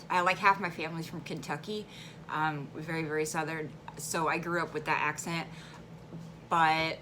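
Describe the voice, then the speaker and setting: A woman's voice: low-pitched, pushed and bright, slight background noise. A woman with a central Illinois accent, chatting animatedly and laughing easily as she vlogs at home. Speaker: vlogger. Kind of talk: casual chat.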